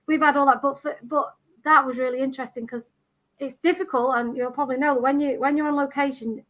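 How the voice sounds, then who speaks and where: Bright, lively Scottish woman. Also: sits high, brisk. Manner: animated storytelling. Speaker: guest. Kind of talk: casual chat.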